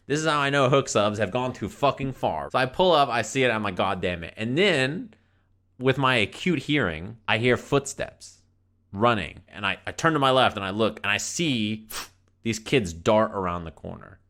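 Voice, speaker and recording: A man streaming to his chat, telling a story in a profane, exasperated, animated rant. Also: mid-range voice, moderate pace.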